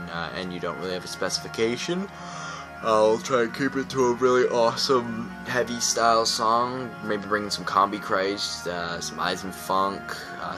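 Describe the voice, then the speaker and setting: A young man rambling into his webcam, worn out from lack of sleep, hyper and goofy, slipping into silly voices. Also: deep voice. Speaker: gaming YouTuber. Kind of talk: rambling casual vlog talk. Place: indoors at home, at night into dawn. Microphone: webcam close to the face. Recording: music playing behind.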